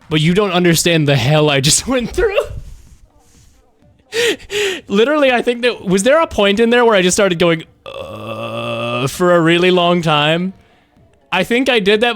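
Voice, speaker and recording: A man's voice: high-pitched, a bit bright, no room sound. A worn-out man live-streaming a game, rambling casually to chat and swearing often. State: exhausted.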